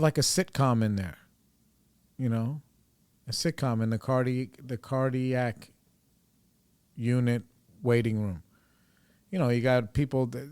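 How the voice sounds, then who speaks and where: A man's voice: mid-range voice, a little mellow, no echo, clean studio sound. A man hosting a podcast, telling a personal story in a casual, rambling way, full of fillers and swearing. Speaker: podcast host.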